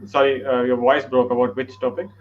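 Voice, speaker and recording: A man's voice: mid-range voice, flat delivery, a little fast. Man on lo-fi call audio. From India. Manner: earnest, lots of uh and like. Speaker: panel guest. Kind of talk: discussion. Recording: dull lo-fi call audio, faint noise.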